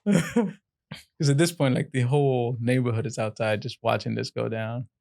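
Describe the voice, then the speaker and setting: Man, podcast co-host, casual storytelling, animated, laughs a lot, mid-pitched. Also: moderate pace, vocal fry. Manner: animated storyteller who laughs often and acts out quotes. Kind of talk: casual chat.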